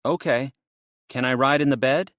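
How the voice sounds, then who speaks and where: A man voicing a wary young woman stranded after a disaster, lifting his voice higher for her quick questions. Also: dry recording, studio quality, close to an everyday voice. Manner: bright, lifted pitch, quick asking.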